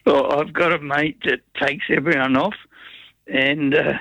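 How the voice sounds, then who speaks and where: A man's voice: fairly high pitch, steady tone, measured pace, bright, forceful tone, dry recording, rough recording. A man with a New Zealand accent calling in to a talkback radio show, casually telling a rambling yarn with chuckles. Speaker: caller.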